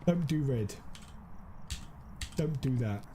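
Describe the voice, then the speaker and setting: A man streaming a game, chatting casually and teasing his viewers, quick to exclaim. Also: mid-range voice, slight background noise. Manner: excitable, teasing, exclaims often. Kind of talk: casual live-stream chat.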